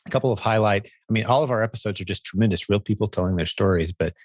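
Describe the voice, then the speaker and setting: A man's voice: lowish voice, very fast, no echo. A man hosting a podcast interview, talking in an enthusiastic, rambling way with frequent self-corrections. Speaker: podcast host. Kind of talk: conversational interview.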